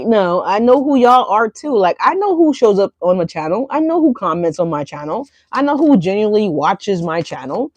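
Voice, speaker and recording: A woman's voice: mid-range voice, animated, fairly quick, hardly any pauses, darkish tone, no room sound. A woman giving a casual tarot reading to her viewers, chatty and loose, often adding "right?" and "y'all". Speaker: tarot reader.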